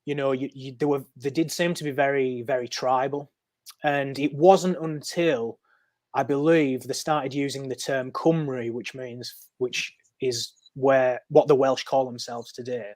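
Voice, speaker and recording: A man's voice: medium pitch, fairly even intonation, a little slow, a little mellow, no echo. A man talking as a podcast guest, explaining history in a loose, storytelling way with frequent ums and restarts. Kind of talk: conversational explaining. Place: podcast recording.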